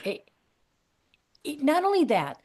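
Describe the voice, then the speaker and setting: A woman's voice: sits high, huge pitch swings, slow pace, a little mellow. A woman co-hosting a comedy podcast, chatting casually and agreeably with hesitant restarts. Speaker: podcast co-host. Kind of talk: casual chat.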